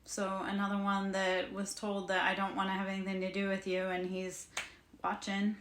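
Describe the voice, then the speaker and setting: A blunt, animated woman who talks casually and swears freely, with her voice at a middle pitch for a woman. She is heard in a roomy, echoey space. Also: normal speed, slight background noise. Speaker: spiritual reader and livestream host. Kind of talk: casual livestream chat. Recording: roomy, echoey room sound.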